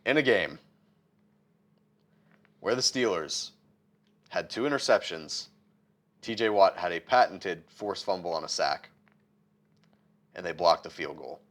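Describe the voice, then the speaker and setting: A man's voice: sits low, measured pace, long pauses. A man co-hosting a sports talk show, ranting with heat and a scratchy throat. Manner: animated, heated rants. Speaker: sports podcast co-host.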